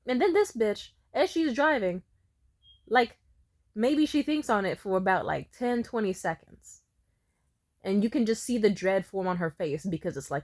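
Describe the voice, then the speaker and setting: A woman in her twenties telling a story in a blunt, profane, animated way, as a vlogger. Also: medium pitch, moderate pace, no room sound, clean studio sound. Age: 20s. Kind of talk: casual storytime monologue.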